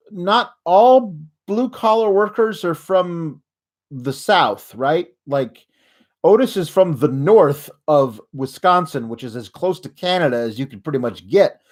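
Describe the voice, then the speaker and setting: Sarcastic, rambling man with a slightly high voice. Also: a little mellow. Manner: rambling, sarcastic, halting with fillers. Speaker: host of a wrestling recap show. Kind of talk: ranting comedic recap.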